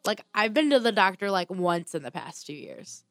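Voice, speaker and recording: A woman's voice: mid-range voice, big pitch swings, moderate pace, no echo. Casual woman telling a crime story. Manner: reads case notes with blunt asides and swearing. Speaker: podcast host telling a true crime story.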